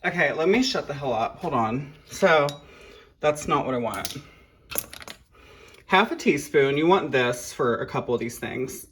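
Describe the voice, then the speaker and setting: Casual man hosting a home cooking vlog: rambly, swears, pokes fun at himself, average pitch. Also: animated, moderate pace, breathy edge. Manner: rambling, self-deprecating, swears freely. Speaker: cooking show host. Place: home kitchen.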